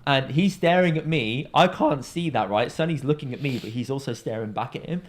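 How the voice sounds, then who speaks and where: A young man from in England, co-hosting a podcast, telling a pub story in a casual chat and acting out the people he quotes. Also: brisk. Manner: animated storyteller, acts out quoted voices with big pitch jumps. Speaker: podcast co-host.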